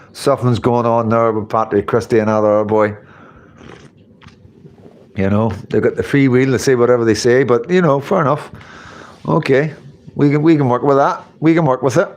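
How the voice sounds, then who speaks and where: A man's voice: medium pitch, steady tone, normal speed. A man hosting a casual live stream, reading chat comments and rambling with repeated phrases and casual swearing. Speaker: livestream host reading chat.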